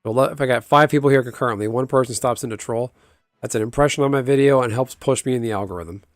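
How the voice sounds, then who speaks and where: A man's voice: medium pitch, fast, no echo, studio quality, faint music behind. A man chatting casually on a livestream, rambling and answering viewers' chat aloud. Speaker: live streamer.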